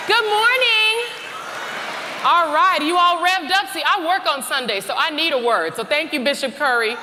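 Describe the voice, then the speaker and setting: A woman's voice: sits high, expressive, moderate pace, sharp tone, a little hiss or hum. Upbeat woman moderator on stage, crowd murmur, roomy hall echo. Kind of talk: event hosting. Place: large conference hall.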